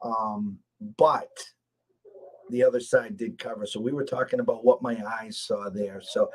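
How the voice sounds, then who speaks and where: A man hosting a sports betting show, opening with big, loud bursts of enthusiasm before settling into casual chat. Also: medium pitch, steady tone, measured pace, poor audio. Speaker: host. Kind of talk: sports betting podcast host.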